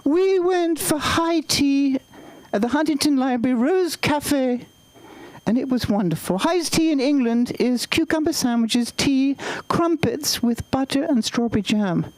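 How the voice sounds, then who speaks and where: A man's voice: very high-pitched, animated, a little slow, darkish tone, no room sound, voice pushed up, low-quality recording. A man doing a stand-up impression of an elderly British queen, stately and mock-genteel, lingering on words. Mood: regal. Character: aging British queen, prim and regal.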